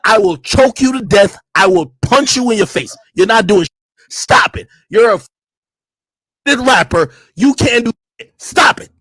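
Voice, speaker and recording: A man yelling a combative rant in a livestream clip, repeating himself and shouting over others. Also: high voice, expressive, normal speed, breathy edge, no echo. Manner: loud, combative, repetitive yelling. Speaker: streamer in a played clip.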